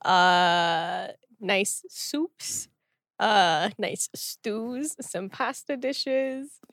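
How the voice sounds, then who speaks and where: A woman's voice: medium pitch, very slow, a bit bright, dry recording, clean studio sound. A young woman co-hosting a podcast, chatting casually, teasing and laughing easily. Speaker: podcast co-host. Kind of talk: casual chat.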